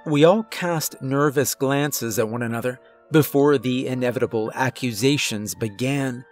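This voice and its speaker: A man reading a scripted first-person horror story in a measured, suspenseful way. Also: medium pitch, soft background music.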